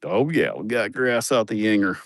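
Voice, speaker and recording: A man rambles through a crude, joking tour of his farm. His voice sits a bit low, and the sound is dry and close. He talks casually into a phone camera outdoors. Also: expressive, normal speed, no room sound. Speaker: vlogger showing his farm. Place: outdoors on rural farmland.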